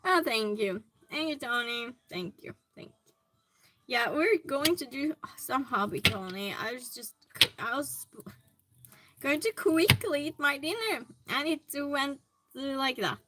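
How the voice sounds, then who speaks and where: A woman's voice: high-pitched, animated, unhurried, very noisy. A woman hosting a hobby livestream from her home hobby room, chatting casually and greeting viewers by name as she reads their comments.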